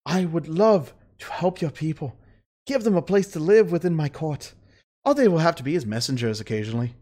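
A scheming fey courtier from a tabletop game, voiced by the game master, who swears freely and makes a pushy pitch. The voice swoops up and down a lot. She coaxes and needles in turn. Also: expressive, fairly quick, warm tone, lightly acted. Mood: coaxing. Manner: profane persuasive sales pitch. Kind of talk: tabletop role-play.

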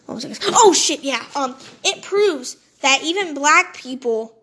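A woman with a high voice carries a solo podcast rant. Her talk is profane and heated, and she keeps losing her thread and scrambling to find it again. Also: animated, normal speed, fairly bright tone. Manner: profane, heated ranting that loses its train of thought. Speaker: podcast host.

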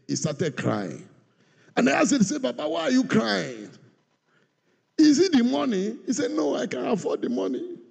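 Man, pastor, lively preaching, raspy and gravelly, big echoing hall. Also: sits high. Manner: animated, acts out voices, swings between shouts and quiet asides. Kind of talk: sermon. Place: church hall. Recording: long reverb of a large hall.

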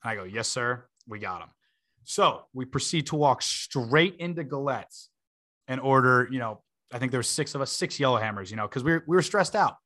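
A man's voice: mid-range voice, lively intonation, fairly quick, pushed and bright. A man in his twenties, a podcast host, telling a long story in a casual way, full of fillers and laughing asides.

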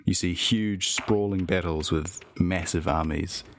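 A man narrating a tabletop role-playing game as game master, slow and measured with filler words. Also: low-pitched, fairly even intonation, slight background noise.

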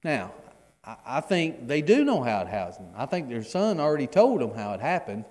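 A man's voice: medium pitch, darkish tone, big-room sound. A middle-aged man teaching a Bible class in a conversational way, often repeating his words as he explains the reading. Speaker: preacher.

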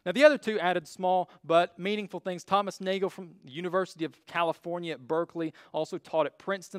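A man's voice: sits high, quick pace, few pauses, smooth, no room sound, clean studio sound. A man giving a casual lecture with slides, blunt and full of joking asides. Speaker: speaker teaching a class on faith and evolution.

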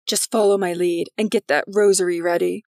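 A woman's voice: lowish voice, steady tone, a little fast, a little mellow, no room sound, studio quality, natural voice. A woman doing a bossy, scheming young woman. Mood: commanding.

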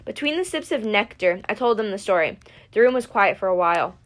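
A woman narrating a first-person audiobook with steady storytelling. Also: medium pitch, a little fast. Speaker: audiobook reader.

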